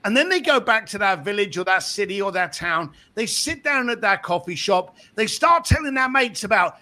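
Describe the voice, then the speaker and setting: A man being interviewed about his book, telling anecdotes in an animated way and acting out the voices of the people in them. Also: high voice, moderate pace. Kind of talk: animated storytelling in conversation.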